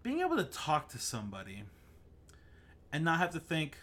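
A man's voice: on the high side, huge pitch swings, moderate pace, a bit bright. A man hosting a casual podcast, joking through a mock ad read and rambling chat. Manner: jokey, rambling, mock ad reads. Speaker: podcast host. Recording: remote call, own mic.

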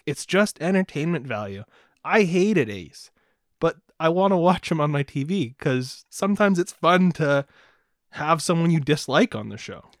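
A man's voice: fairly high pitch, no room sound, studio quality. Eager, joking male podcast co-host. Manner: enthusiastic, joking, jumps in eagerly. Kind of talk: casual chat.

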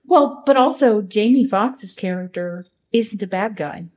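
A woman's voice: mid-range voice, a little slow, darkish tone, lo-fi sound. A woman co-hosting a podcast in casual chat, talking in an earnest, heartfelt way with many fillers. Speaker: podcast co-host.

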